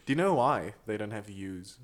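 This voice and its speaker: Young male podcast co-host, playful, quick with jokes and silly voices. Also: lowish voice, animated. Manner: jokey, slips into silly accents. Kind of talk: casual chat.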